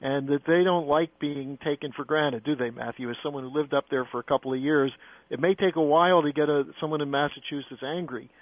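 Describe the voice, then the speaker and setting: A man's voice: on the high side, a little fast. A man hosting a political talk radio show, putting pointed questions to his guests. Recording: phone-like narrow band radio sound.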